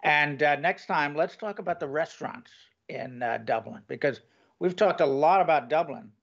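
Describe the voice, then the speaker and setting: A man's voice: on the high side, moderate pace, gravelly, highs cut off. Enthusiastic man hosting an interview. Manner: enthusiastic, laughs often. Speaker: podcast host. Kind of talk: conversational interview.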